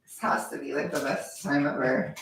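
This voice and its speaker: A young adult streamer talking to the chat in a loose, rambling way, poking fun at themselves. The voice is full of fry and sits in a middle pitch. The sound bounces around an echoey room. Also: moderate pace, fairly bright tone. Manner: rambling, self-deprecating, jokey with frequent laughs. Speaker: livestream host reading chat. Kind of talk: casual livestream chat.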